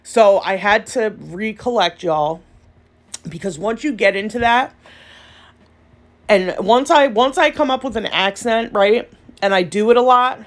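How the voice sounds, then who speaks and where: A woman's voice: mid-range voice, unhurried. A woman hosting a nail art channel, telling stories in a rambling, chatty voiceover, laughing often and calling her viewers y'all. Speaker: nail art YouTuber and host.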